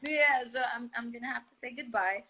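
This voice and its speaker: A woman's voice: fairly high pitch, a little fast, a little hiss or hum. Bubbly young woman hosting a live stream. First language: Portuguese. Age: young adult. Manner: bubbly, giggly, excitable. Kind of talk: casual live-stream chat.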